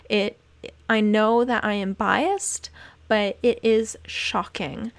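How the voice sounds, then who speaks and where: A woman's voice: medium pitch, steady tone, slow pace. A young woman in a casual vlog, speaking with indignant passion and repeating phrases for emphasis. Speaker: vlogger, former cruise ship worker. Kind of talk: casual to-camera talk.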